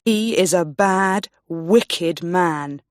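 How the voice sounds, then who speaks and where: Menacing lord giving slow orders, woman reading, kinda low and unhurried. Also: no room sound, studio quality. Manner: slow, threatening commands. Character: grim, menacing male Scottish lord.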